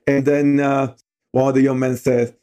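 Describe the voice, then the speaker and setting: A man's voice: mid-range voice, flat delivery, moderate pace, warm tone. A middle-aged man leading a youth outdoor program, telling a story in a loose, conversational way with lots of "you know" fillers.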